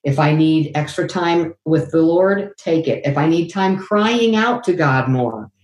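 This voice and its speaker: A woman's voice: deep voice, lively intonation, unhurried, a little mellow. A middle-aged woman answering an interview question in an earnest, candid way, acting out quotes of her own past words. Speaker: guest. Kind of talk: faith-based interview answer. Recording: echoey room.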